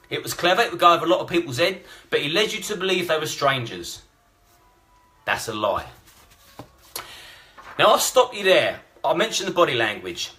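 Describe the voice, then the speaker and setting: A man's voice: high-pitched, pushed and bright. A blunt, combative man, ranting and swearing through live-stream commentary. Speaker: vlogger.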